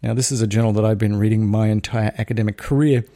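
A middle-aged Australian man hosting a casual solo podcast, speaking quietly with a wry, showman's repeated catchphrases. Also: lowish voice, fairly even intonation, quick pace, no room sound, studio quality. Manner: hushed, talking quietly because a baby sleeps. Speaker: daily podcast host.

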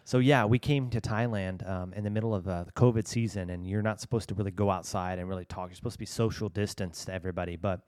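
A man with a very low, deep voice tells stories as a podcast guest. He speaks earnestly and livens up his retold conversations, and the recording sounds close and dry with no room echo. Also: fast, hardly any pauses. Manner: earnest, retells conversations with lively shifts. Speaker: missionary guest. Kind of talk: personal storytelling in a podcast interview. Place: lives in Bangkok.

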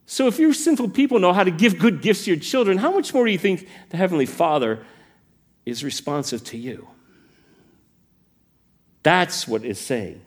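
A man's voice: high voice, normal speed, pauses often, slightly rough. A man preaching a sermon, asking the congregation question after question. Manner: animated, asks the congregation questions.

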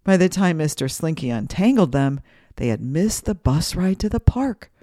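A woman's voice: low voice, big pitch swings, normal speed, warm tone, no echo, clean studio sound. A woman hosting a children's podcast, reading a story aloud and guiding breathing exercises in a sing-song, guiding way.

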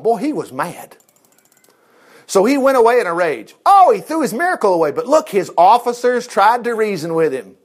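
A man preaching in a loose, folksy storytelling way, full of asides and questions to his listeners. His voice sits high and swings widely in pitch, rising and dropping as he drives each point home. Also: big pitch swings, moderate pace. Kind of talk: informal Bible storytelling sermon.

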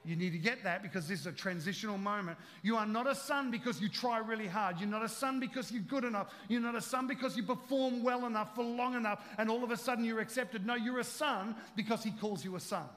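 A man preaches to his congregation in a high, ringing voice, mixing casual jokes with emphatic, rising declarations. His words carry a long reverb, as if filling a church hall. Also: fast, few pauses. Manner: humorous, conversational preaching that builds to loud emphatic peaks. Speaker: pastor. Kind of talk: sermon.

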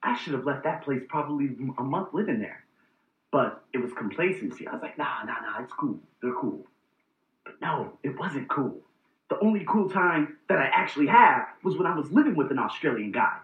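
A man's voice: fairly high pitch, fairly quick. Blunt, profane man with tinny echo. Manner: blunt, profane, animated storytelling. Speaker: host. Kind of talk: casual personal vlog monologue.

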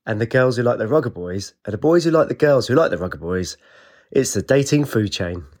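A man's voice: medium pitch, animated, a little fast, a little mellow, natural voice. A man voicing a laid-back young male partygoer who talks in easygoing slang. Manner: casual slangy delivery.

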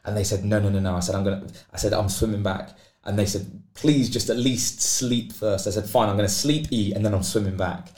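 A British man, an athlete appearing as a podcast guest, tells a long story with a fairly low pitch and a brisk pace. He's animated, acting out the voices of the people in it. The recording has a roomy echo.

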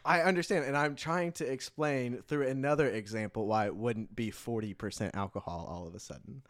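A man's voice: mid-range voice, brisk, a bit bright, no echo, studio quality. A man co-hosting a casual podcast, teasing and arguing with his friend and laughing often. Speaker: podcast co-host. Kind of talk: casual banter.

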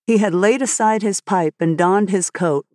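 A woman narrates a classic storybook in a measured, expressive reading voice at a middle pitch. The recording is close and dry, with no room sound. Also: dry recording. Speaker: audiobook narrator.

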